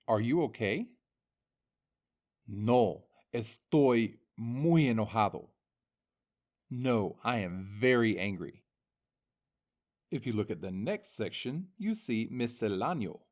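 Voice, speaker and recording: Slow, lively-voiced male teacher. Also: medium pitch. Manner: slow and deliberate, reading words and their meanings. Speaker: language teacher. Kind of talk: scripted instructional narration.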